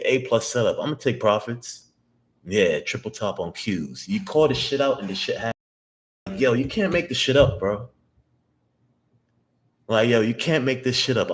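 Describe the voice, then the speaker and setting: A young man in his twenties livestyle-narrating his day trades to himself, slangy and full of swearing, repeating lines and jumping into high excited yelps. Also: moderate pace, slight background noise. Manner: excitable, swears constantly, bursts into high hyped shouts. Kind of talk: live trading vlog, talking to himself.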